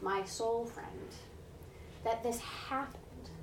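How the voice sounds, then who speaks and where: A woman's voice: on the high side, drawn-out words. Female preacher, 40s, chatty sermon storytelling, picked up from across a roomy hall, faint room noise. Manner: conversational, often asks "right?", acts out voices. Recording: echoey room heard from a distance.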